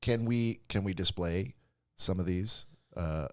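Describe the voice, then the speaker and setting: A man's voice: low-pitched, dry recording, clean studio sound. A man hosting a casual podcast chat, asking long rambling questions with frequent restarts. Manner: rambling, stop-start questions, quick to laugh. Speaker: podcast host.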